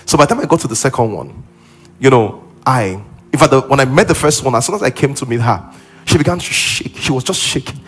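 Husky-voiced pastor preaching with animated pitch. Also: male voice, a little fast. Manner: preaching with rising, exclaiming emphasis. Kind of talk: sermon. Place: church auditorium.

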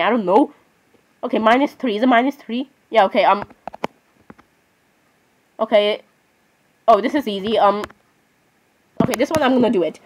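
A woman's voice: high voice, a little hiss or hum. A woman giving casual gameplay commentary, chatting on and arguing with herself, often breaking off to apologize. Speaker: gaming channel host.

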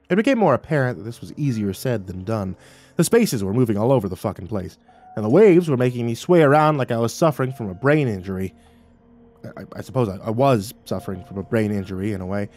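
A man's voice: mid-range voice, a little mellow. A man reading a horror story aloud in a dramatic, wry first-person narration.

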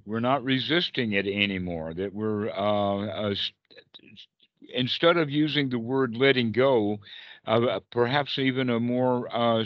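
A man's voice: fairly low pitch, no echo. Dry, muffled man teaching meditation. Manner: playful, acts out little quoted voices and laughs. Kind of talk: casual teaching talk on a group call. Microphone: video call.

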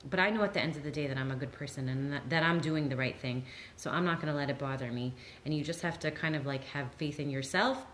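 A woman with a low, deep voice answers audience questions as a therapist, earnest and reassuring. She livens up when she acts out what people might say. A soft hum of the room sits faintly behind her. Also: quick pace. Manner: earnest, reassuring, lively when quoting others. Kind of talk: live Q&A talk.

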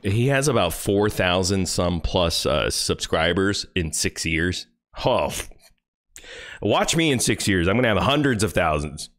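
Male streamer, low pitched, lively, furious profane taunting rant. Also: unhurried. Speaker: live streamer reacting to a video.

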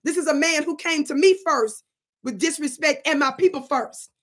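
A woman hosting her own channel, an animated and preachy storyteller who plays with words in a commentary monologue. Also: sits high, normal speed. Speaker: channel host.

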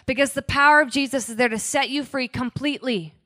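A woman pastor preaching in a relaxed, conversational way. Her voice sits a little high for a woman, and she keeps slipping into small acted-out quotes and asides. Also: fairly quick. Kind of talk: sermon.

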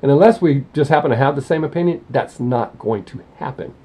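Medium in pitch, fairly quick, and warm with a husky grain, this man hosts a music reaction channel. Talking casually to camera, he gives blunt opinions and rambles, often correcting himself mid-sentence.

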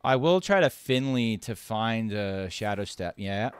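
A man's voice: fairly low pitch, expressive, a little slow, smooth, no room sound. A man streaming a card game, thinking aloud and joking as he plays. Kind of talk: casual gameplay commentary.

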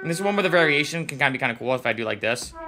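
Demonstrating sounds on his laid-back plugin review show, a man chats informally and uses fillers. He speaks very fast in an expressive, medium-pitched voice as trumpet music plays in the background.

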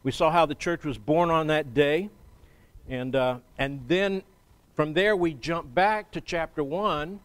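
This man, a pastor, preaches to his church with a voice on the high side. He keeps it conversational and measured, with frequent pauses.

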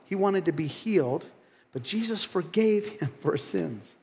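A man preaching a sermon in a church. He is animated, acts out the voices of critics with sudden loud, high rises, and drops in folksy asides and laughs. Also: unhurried, gravelly. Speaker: pastor. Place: church sanctuary. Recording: long hall reverb.

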